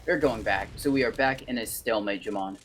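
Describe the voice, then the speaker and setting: A man's voice: lowish voice, a little fast, fairly bright tone, a little hiss or hum. A man co-casting a live esports match in a laid-back, casual way, chuckling often. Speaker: esports caster. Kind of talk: live play-by-play commentary.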